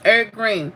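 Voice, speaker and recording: A middle-aged woman who talks easily and laughs often, drawling "honey" and "y'all" as she chats with viewers. Her voice sits at an ordinary pitch. It is a phone recording in a home kitchen with faint room noise behind her. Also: a bit bright. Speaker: livestream host. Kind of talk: casual livestream chat while eating.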